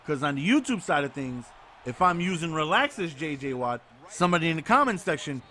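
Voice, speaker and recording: A man co-hosting a podcast, telling a story in casual chat, excitable and sarcastic, acting out the people he quotes. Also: a little high, fairly quick, a little hiss or hum. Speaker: podcast co-host.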